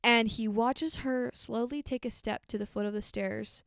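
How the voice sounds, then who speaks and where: A woman's voice: fairly high pitch, steady tone, normal speed, creaky, a bit bright, clean tone, no echo, studio quality. A woman hosting a true crime podcast, retelling a case in a casual, conversational way with frequent ums and likes.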